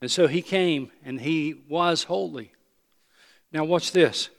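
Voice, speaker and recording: A man preaching a sermon, emphatic and repeating his phrases, sometimes dropping to a hushed voice. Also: fairly high pitch, slow pace, creaky. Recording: long hall reverb.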